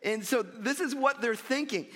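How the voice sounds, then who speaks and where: A man preaching a sermon, animated and conversational, dropping frequent "right?" and "you know" asides. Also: extremely high pitch, normal speed. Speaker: pastor. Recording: long hall reverb.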